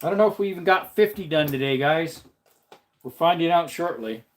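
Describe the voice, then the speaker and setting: Chatty, rambling livestream host. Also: male voice, expressive, brisk. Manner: rambling, chatty, reads out viewer comments; jokey, slips into a silly high voice. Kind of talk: casual livestream chat.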